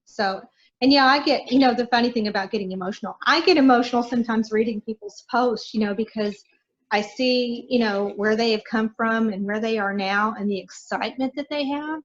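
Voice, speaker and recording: A middle-aged woman guests on a podcast, speaking earnestly and encouragingly with lots of fillers in casual interview talk. Her voice is a little high and brisk, and the audio sounds dull.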